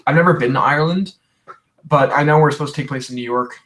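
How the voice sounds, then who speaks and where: A man's voice: on the high side, fast, a bit bright. A young man from Canada hosting a livestream, chatting casually and rambling through viewer questions with many restarts, tired today. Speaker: livestream host.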